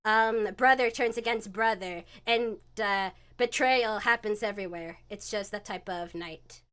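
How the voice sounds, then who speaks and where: A woman's voice: mid-range voice, unhurried, a bit bright, smooth. A woman in her twenties, a streamer and comic creator, chatting casually and rambling with many fillers. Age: 20s.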